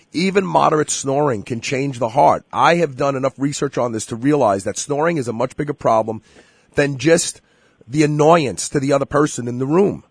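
A man's voice: a little high, creaky, husky, dry recording, clean studio sound. A man hosting a radio health interview, talking emphatically and speaking straight to his listeners. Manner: emphatic, direct address to listeners. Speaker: radio show host.

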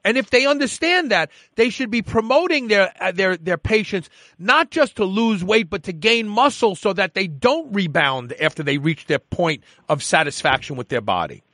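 A man hosting a radio talk show, speaking in an emphatic, lively way. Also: high voice, normal speed, dry recording, clean studio sound.

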